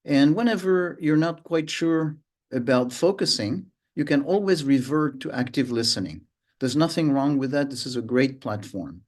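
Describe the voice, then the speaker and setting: Unhurried man teaching with pauses. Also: a little high, lively intonation. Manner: unhurried, pauses often, hums and vocalizes rhythms to illustrate. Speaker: mindfulness teacher. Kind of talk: slow, reflective lesson.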